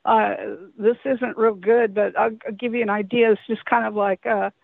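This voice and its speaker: Woman phone caller, high and gravelly, rambling, hesitant storyteller, thin dry phone sound. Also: little pitch movement, moderate pace, no room sound. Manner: hesitant, rambling, many restarts. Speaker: caller recounting an encounter. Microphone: telephone. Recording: tinny dry phone line.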